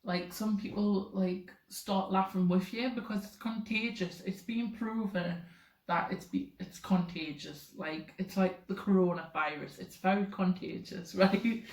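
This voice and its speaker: A woman's voice: medium pitch, steady tone, measured pace, darkish tone. A young woman talking casually to camera, rambling with lots of fillers. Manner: rambling, filler-heavy, chatty. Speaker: vlogger. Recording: roomy echoey room.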